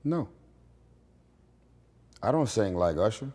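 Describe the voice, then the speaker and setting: Deep raspy-voiced man, blunt and confident. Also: sing-song, slow, darkish tone. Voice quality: raspy, gravelly voice. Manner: blunt, confident, emphatic opinions. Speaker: interview guest, singer. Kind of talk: candid interview chat. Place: his home.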